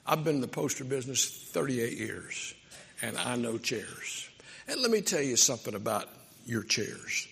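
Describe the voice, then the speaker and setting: A man's voice: mid-range voice, animated, normal speed, creaky, fairly bright tone, slightly rough, long reverb tail, exaggerated voice. A man playing a plainspoken working-class upholsterer. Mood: earnest. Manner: earnest, matter-of-fact.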